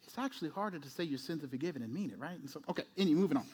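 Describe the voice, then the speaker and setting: A male pastor preaching a sermon in an animated way, acting out voices and often asking "right?". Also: on the high side, very fast, husky.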